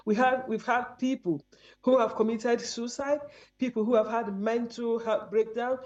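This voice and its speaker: A woman's voice: on the high side, darkish tone. Earnest Nigerian woman, dull lo-fi audio. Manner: earnest, measured, with frequent ums. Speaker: guest. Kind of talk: remote interview.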